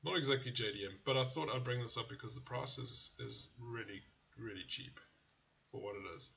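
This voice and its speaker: A man with a gravelly, bright voice reviews car ads casually. He talks bluntly and swears freely, and he tends to drift into rants. The recording sounds slightly dull and lo-fi. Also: medium pitch, fairly quick. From South Africa. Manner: blunt and profane, riffs into rants. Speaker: car channel host.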